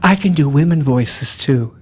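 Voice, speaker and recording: Animated playful man. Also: fairly high pitch, unhurried, a little hiss or hum. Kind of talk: casual demo of accents.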